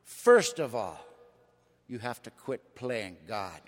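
A man voicing a blunt older Irish priest with a deep, gruff voice in an Irish accent, recorded in an echoey hall. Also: very animated, slow pace. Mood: scolding. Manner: gruff, scolding and plainspoken.

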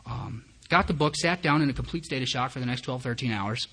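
Husky man telling his recovery story. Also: mid-range voice, a little fast, pushed and bright. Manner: candid, self-mocking storyteller who acts out his own thoughts. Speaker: speaker sharing his story at a recovery meeting. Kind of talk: personal recovery testimony told as a story.

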